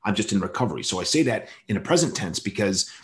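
A man's voice: on the low side, expressive, quick pace. A man hosting a casual conversation, blunt and profane, often stammering as he restarts his sentences.

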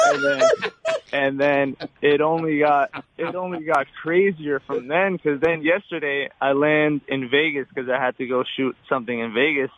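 A man in his twenties tells a story over a tinny phone line, talking in a rambling, excited rush. His pitch sits in the middle, and he keeps quoting what others said to him. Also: moderate pace, slight background noise. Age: 20s. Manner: rambling, excited, with many quoted asides. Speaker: guest videographer.

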